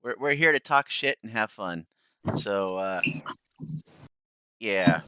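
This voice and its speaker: A man hosts a stream in loose, rambling chat, chuckling between thoughts. His voice is bright and crisp, and it sits close and dry on the mic. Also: fairly low pitch, expressive, slow, no echo. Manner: rambling, laughing, many fillers. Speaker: streamer host. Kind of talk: casual chat.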